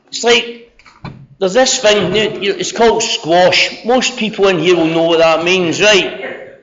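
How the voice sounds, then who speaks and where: At a convention, a middle-aged man from Scotland tells his recovery story with candor, plenty of swearing and self-mockery, in a Scottish accent. His voice is high and a little bright, fairly even in intonation and slightly slow. The recording is dull and lo-fi.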